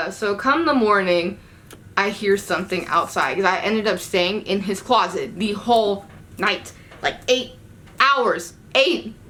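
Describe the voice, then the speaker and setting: A young woman tells a storytime to her camera at home, and her voice is bright and sharp. She is animated and exasperated, swearing freely as she acts out every line of dialogue herself. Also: mid-range voice, takes it slowly. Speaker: vlogger. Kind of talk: casual storytime chat.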